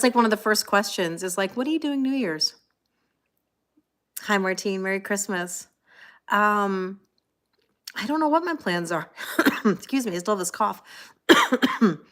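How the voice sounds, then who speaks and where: Her medium-pitched voice has a fairly bright tone as this middle-aged, Canadian-accented woman reads tarot on a live stream. She keeps up a chatty flow, naming viewers and reading their comments aloud.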